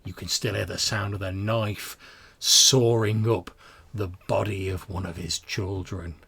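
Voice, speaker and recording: A man's voice: low voice, fairly even intonation, a little slow, gravelly, fairly bright tone, breathy edge, full character voice. A man voicing a teenage boy who dramatically tells a spooky ghost story to his friends. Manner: dramatic storyteller, building suspense.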